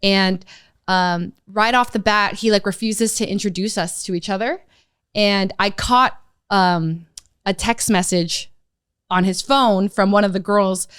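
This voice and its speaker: A woman's voice: medium pitch, unhurried, clean tone, dry recording, studio quality. A young woman chatting casually as a podcast guest, telling a long personal story with lots of fillers. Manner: storytelling, animated, many fillers. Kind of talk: casual chat.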